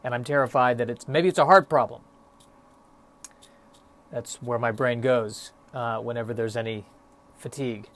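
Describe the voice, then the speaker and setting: A man's voice: mid-range voice, steady tone, normal speed, pauses often, a little hiss or hum. A young man hosting a solo podcast, musing in a stop-start, self-deprecating way with lots of fillers, a little out of breath. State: a bit out of breath. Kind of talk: rambling solo podcast monologue.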